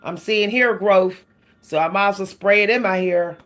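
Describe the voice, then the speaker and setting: In a hair care vlog, a woman talks to the camera in a relaxed, chatty way at a normal speed, her medium-pitched voice a touch bright. She laughs a lot and addresses her audience as "y'all."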